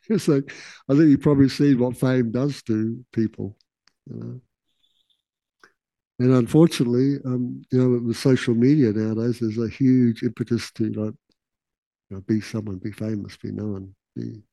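Aussie guy, laid-back teaching chat, mellow darkish voice, dry close sound. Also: mid-range voice, normal speed, vocal fry, dry recording, rough recording. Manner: relaxed, laughing asides, acts out quotes. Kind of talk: casual teaching talk.

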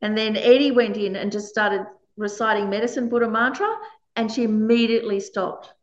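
A woman's voice: mid-range voice, fairly even intonation, moderate pace, echoey room, dull audio. A woman giving a conversational dharma talk as a meditation teacher. She laughs often while she teaches.

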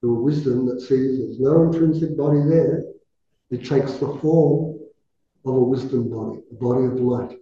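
A man guides a meditation in a deep, mellow, very dark voice, intoning mantra syllables in a slow, measured way. The sound is dull and lo-fi, with a heavy echo from a roomy space. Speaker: meditation teacher. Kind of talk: guided visualization with mantra chanting. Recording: echoey, dull lo-fi room recording.

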